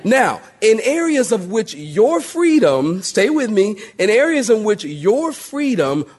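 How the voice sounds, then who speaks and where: A pastor preaching a sermon to his congregation, calling for amens and swinging between loud exclamations and hushed asides. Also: high-pitched, very animated, slow, breathy edge. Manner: calls for amens and acts out skits.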